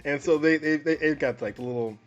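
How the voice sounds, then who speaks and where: Man, podcast co-host, casual movie review, animated, slightly higher voice, lo-fi audio. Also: fairly quick, faint music behind. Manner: animated, restarts sentences often.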